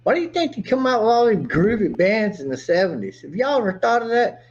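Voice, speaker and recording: A man's voice: high-pitched, very animated, brisk. A man delivering a rambling, theatrical monologue to camera in a dull lo-fi recording. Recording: dull lo-fi video audio.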